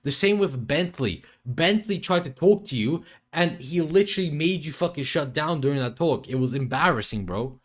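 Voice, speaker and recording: A young man with a slightly raised pitch rants through a reaction commentary from his desk mic, swearing freely and mocking the other side with sarcasm. He restarts his sentences often, tripping over words mid-thought. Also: animated, moderate pace, hardly any pauses. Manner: stammering restarts. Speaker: commentary video creator. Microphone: headphones and desk mic.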